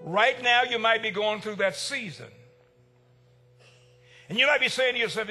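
A male pastor preaching a sermon, swinging between shouted lines and hushed ones. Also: extremely high pitch, expressive, normal speed, long pauses, breathy edge, faint music behind.

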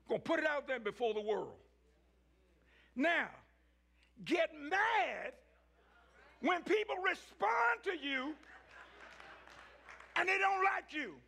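A man preaching a sermon, swinging between shouted peaks and low, quiet stretches. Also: very animated, slow, vocal fry, pauses often. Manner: rising to shouts, then dropping low.

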